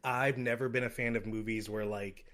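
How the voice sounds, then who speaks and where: A man co-hosting a podcast, chatting in a relaxed, rambling way about a film and laughing as he retells scenes. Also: medium pitch, normal speed. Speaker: podcast co-host. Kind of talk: casual film review chat.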